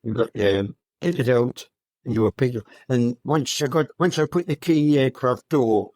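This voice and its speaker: A hundred-year-old man recounting his wartime memories as an interview guest, speaking in a halting, unhurried way with many fillers. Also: mid-range voice, darkish tone, dry recording. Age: 100. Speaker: RAF veteran guest.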